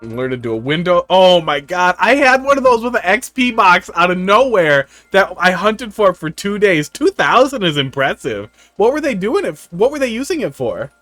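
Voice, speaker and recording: Male game streamer, slightly high voice, wry rambling storyteller, light background music. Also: sing-song, normal speed, few pauses, a bit bright, no room sound. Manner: rambling, profane, wry tech anecdotes. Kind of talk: casual live-stream chat. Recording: faint music underneath.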